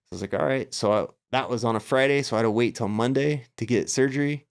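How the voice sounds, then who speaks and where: Animated middle-aged man telling a story. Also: medium pitch, fast talker, clean tone. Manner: animated storyteller acting out his own past thoughts. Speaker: podcast guest. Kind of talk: casual storytelling interview. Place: Las Vegas area.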